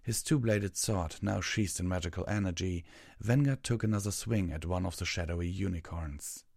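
A man narrating a fantasy story in a steady, measured audiobook reading. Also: sits low, creaky, no echo, studio quality.

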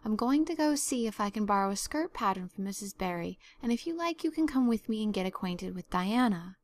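A woman's voice: medium pitch, expressive, natural voice. A woman doing a stern no-nonsense guardian. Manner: brisk, scolding, no-nonsense.

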